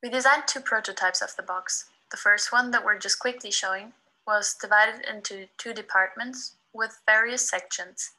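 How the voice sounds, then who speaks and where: A woman reads a scripted presentation of a student design project. Her voice is very bright and sharp, her delivery even and informative, at a middle pitch. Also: moderate pace, low-quality recording.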